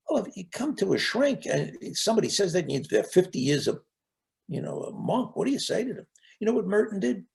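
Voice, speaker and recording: A man's voice: high voice, sing-song, fairly quick, creaky, a little mellow. An older man giving a reflective talk on resilience and spiritual life, earnest and full of anecdotes, sometimes repeating a word as he starts. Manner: earnest, storytelling, repeats words when starting.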